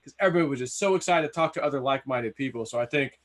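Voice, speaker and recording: A man's voice: medium pitch, very fast. A man hosting a podcast, chatting casually and laughing along with his guest. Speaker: podcast host.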